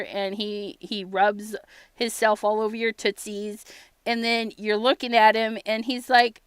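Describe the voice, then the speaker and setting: A woman's voice: a little high, steady tone, a little slow, smooth, dry recording. A woman hosting a casual crafting livestream, telling stories with lots of laughs, acting out little quotes and greeting viewers. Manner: chatty storyteller who laughs often and acts out little quotes; gives shout-outs to viewers while crafting. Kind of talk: casual live-stream chat.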